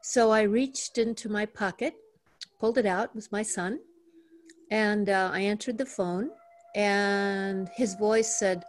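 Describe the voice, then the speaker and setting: Calm older woman teaching meditation. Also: medium pitch, a little hiss or hum. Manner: calm, measured, slows down for emphasis. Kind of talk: teaching talk. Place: home in the mountains.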